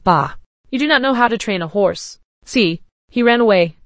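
A woman's voice: medium pitch, lively intonation, moderate pace, no room sound, lightly acted. A woman reading the part of a blunt, teasing male tribesman in a spoken story.

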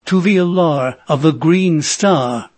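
Storybook figure: loud, proclaiming warrior chieftain, read by the male narrator. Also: on the high side, takes it slowly, no echo. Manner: proclaiming, shouting.

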